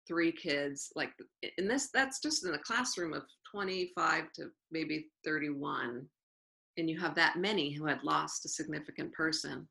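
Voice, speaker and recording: This female teacher responds to interview questions like an eager storyteller, earnest and lively, frequently starting sentences over. Though pitched low with gravelly fry, her voice is bright and strong, and the recording is rough.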